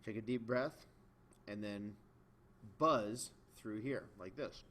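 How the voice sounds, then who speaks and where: A man's voice: on the low side, takes it slowly, a bit bright, a little hiss or hum. A man teaching beginners in a video lesson, patient and demonstrating as he explains. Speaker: music teacher. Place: indoors, in front of a camera.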